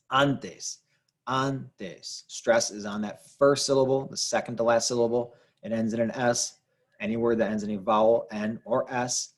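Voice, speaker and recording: A man teaching a Spanish grammar lesson, explaining patiently and repeating key rules, with the occasional "um". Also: mid-range voice. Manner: patient, repetitive explaining with fillers. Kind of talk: classroom-style grammar lesson.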